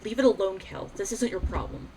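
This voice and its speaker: A woman's voice: mid-range voice, brisk, far from the mic, noisy background, voice pushed up, natural voice. A woman voicing a bitter, sarcastic teenage girl in a game, speaking coldly over game music. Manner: cold, sarcastic.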